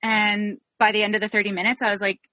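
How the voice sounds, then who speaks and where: A woman in casual conversation, telling a story with lively delivery and acting out the people in it. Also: medium pitch, fast, no room sound, clean studio sound. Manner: animated storyteller, acts out quoted voices.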